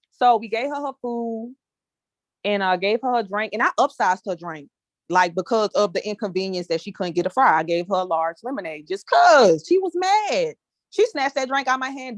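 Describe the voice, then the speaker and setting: A woman's voice: medium pitch, no room sound. A woman leading a small group discussion, telling a casual story in a chatty way and addressing listeners as y'all. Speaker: discussion leader.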